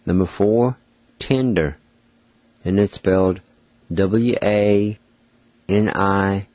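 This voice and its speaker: A man hosting a radio language lesson, spelling each word out letter by letter and repeating it slowly. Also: lowish voice, fairly even intonation, darkish tone, no room sound, muffled recording. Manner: deliberate, spells out words letter by letter and repeats them. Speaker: radio show host teaching language. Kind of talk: slow spelling and pronunciation lesson.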